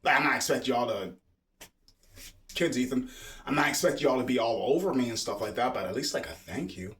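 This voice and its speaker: A man's voice: medium pitch, expressive, a little fast, a bit bright. A man casually reading a children's book aloud, stopping often to ramble and joke. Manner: digressive, jokey, stop-start reading.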